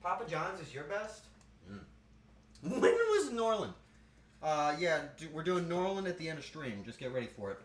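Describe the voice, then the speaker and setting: A man's voice: on the high side, animated, moderate pace, a bit bright. A man cooking on a live stream, chatting playfully and answering his chat as he goes. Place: home kitchen. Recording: roomy kitchen with faint noise.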